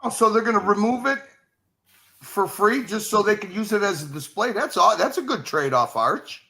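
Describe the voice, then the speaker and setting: A man's voice: sits high, animated, moderate pace, sharp tone. A man chatting casually on a livestream in an easygoing way.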